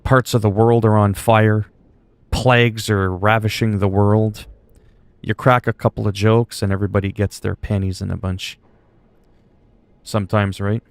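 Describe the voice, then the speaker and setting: A man's voice: on the low side, flat delivery, moderate pace, gravelly, dry recording. A man chatting casually on a game livestream, rambling and swearing freely. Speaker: game streamer.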